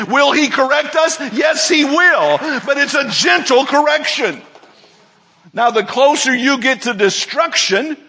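High, bright-voiced male preacher. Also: slightly rough. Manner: dynamic preacher, swinging from soft asides to loud emphatic declarations. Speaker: pastor. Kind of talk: sermon.

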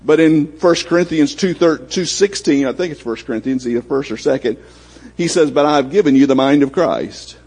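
A man delivering a sermon in a folksy, conversational manner, slipping into bits of acted-out dialogue. His voice is somewhat husky and sits a little higher than most men's. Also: moderate pace, darkish tone. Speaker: pastor.

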